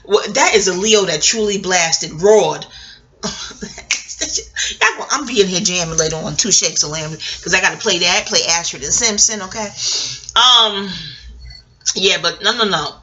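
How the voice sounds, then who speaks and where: A woman's voice: fairly low pitch, measured pace, bright, forceful tone, slight background noise. A middle-aged woman vlogging in a casual, rambling way, digressing, laughing often and swearing freely.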